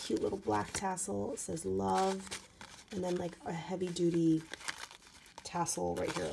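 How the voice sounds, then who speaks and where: Gushing craft-vlogger woman, slightly hoarse and gravelly, talking over faint background hiss. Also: on the low side. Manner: gushing, chatty, lots of "so cute" and "you guys". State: voice getting hoarse. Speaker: craft vlogger opening mail. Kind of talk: casual unboxing chat.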